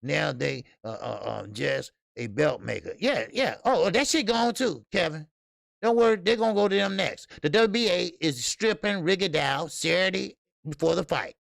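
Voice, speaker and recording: A man with a heavily gravelly voice and a somewhat high pitch, hosting a casual boxing livestream. He talks bluntly and profanely, laughs often, and rambles with plenty of fillers. The sound is dry and close. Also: expressive, moderate pace, a bit bright, no room sound. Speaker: boxing channel host. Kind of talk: casual livestream commentary reading chat.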